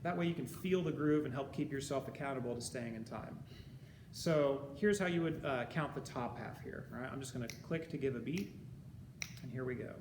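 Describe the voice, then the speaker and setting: Guy band teacher explaining rhythms step by step, counting out loud, echoey room, constant background noise. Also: medium pitch, a little fast. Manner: patient, explains step by step and counts beats aloud. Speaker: high school band teacher. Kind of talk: recorded music lesson.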